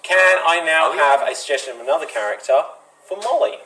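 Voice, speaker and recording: A man hosting an online improv show, brisk and laughing often. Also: on the high side, pushed and bright. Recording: noisy video call audio.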